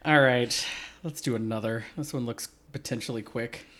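A man's voice: mid-range voice, normal speed, fairly bright tone, slight background noise. A man in his forties hosting a podcast, chatting casually, swearing freely and laughing often as he rambles through stories. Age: 40s. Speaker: podcast host. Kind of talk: casual chat.

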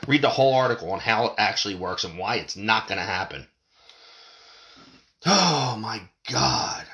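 A man's voice: fairly low pitch, fast, pushed and bright. A man ranting about politics and prices in a fired-up, swearing monologue as a podcast host. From United States. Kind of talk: profane political rant.

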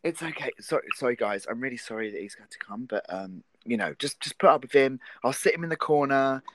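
A British man co-hosting a casual chat, camp and playful, laughing often and slipping into quick put-on voices. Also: medium pitch, animated. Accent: British English. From Britain. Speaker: co-host.

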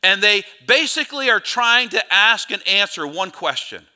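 A male pastor telling a Bible story in a sermon, in an animated way, with quick asides where he corrects himself. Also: high-pitched.

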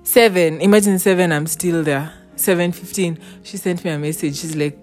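Young woman, lively storyteller who acts out quotes, a little low, with faint music behind. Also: normal speed. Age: young adult. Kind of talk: casual chat, storytelling.

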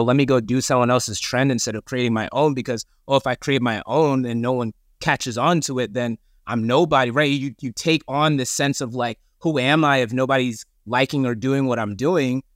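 A man's voice: medium pitch, no echo, clean studio sound. A man talking as a podcast guest, earnest and emphatic, with casual slang. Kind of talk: conversational interview.

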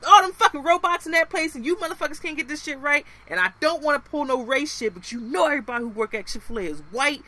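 A woman co-hosting a podcast, ranting casually in a blunt, profane, animated way. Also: high-pitched, fast, few pauses. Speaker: podcast co-host.

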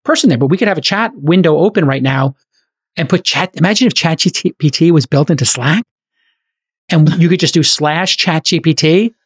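A middle-aged man hosting a podcast in casual chat, talking quickly and enthusiastically with many "like" fillers. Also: a little high, breathy edge. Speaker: podcast host.

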